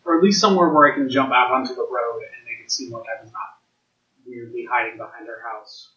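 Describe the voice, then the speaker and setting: A man's voice: medium pitch, fairly even intonation, brisk, pushed and bright. Chatty, joking male game player. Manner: chatty, joking, asks lots of questions. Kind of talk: casual tabletop play. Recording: roomy, dull lo-fi recording.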